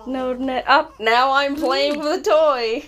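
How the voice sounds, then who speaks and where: A giggly woman talks through her life-simulation game in a high, bright voice. She speaks slowly and keeps breaking into laughter as she narrates what is happening on screen. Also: steady tone. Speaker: gameplay commentator. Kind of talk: casual game commentary.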